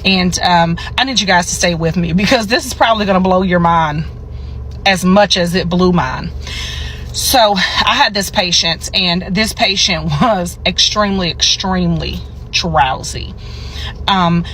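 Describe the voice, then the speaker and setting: A bright, forceful woman tells a patient story with animation and acts out the quotes. Her pitch sits in a middle range. Faint vehicle noise hums somewhere behind her. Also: rough recording. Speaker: healthcare worker. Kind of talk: anecdote vlog.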